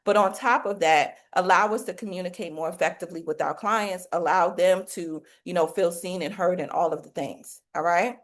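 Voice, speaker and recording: A woman's voice: lowish voice, normal speed, hardly any pauses. Preachy woman coach, folksy faith-filled talk. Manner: preachy, faith-filled, rhetorical questions, colloquial. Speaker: business coach for hairstylists.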